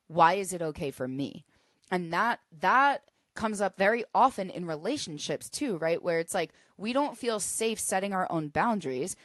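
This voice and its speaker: Earnest woman podcaster, low dry voice. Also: no echo. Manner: earnest, emphatic, building to forceful bursts. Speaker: podcast host. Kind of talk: solo podcast teaching.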